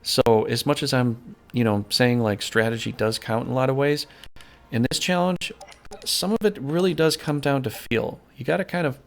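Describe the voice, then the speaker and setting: A man's voice: medium pitch, normal speed, vocal fry, a little hiss or hum. A man giving casual, rambling strategy commentary over a game, folksy and prone to correcting himself mid-thought. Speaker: gameplay commentator. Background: faint game music.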